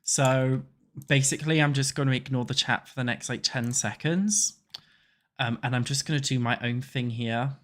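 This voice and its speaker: A man's voice: medium pitch, moderate pace, fairly bright tone. A man with a stuffy, congested voice from a cold chats loosely with his live viewers at his desk. He swears freely and teases the chat. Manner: crude, swearing, joking with chat. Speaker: streamer. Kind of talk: casual livestream chat while playing.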